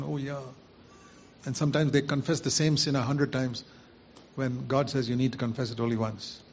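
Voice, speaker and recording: A man's voice: mid-range voice, darkish tone, slight background noise. A man preaching a sermon, earnestly putting rhetorical questions to his listeners. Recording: muffled lo-fi recording.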